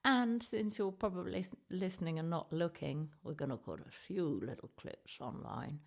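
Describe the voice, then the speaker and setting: A woman in her fifties with a low voice and a gravelly texture. She talks in a chatty, self-deprecating way as a podcast host. The tone is casual comedic conversation. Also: lively intonation, moderate pace. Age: 50s.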